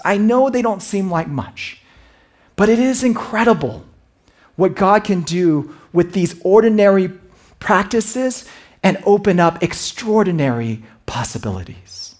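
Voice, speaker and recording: Husky-voiced male pastor preaching. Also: on the high side. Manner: storytelling, lively and warm-hearted delivery. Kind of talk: sermon.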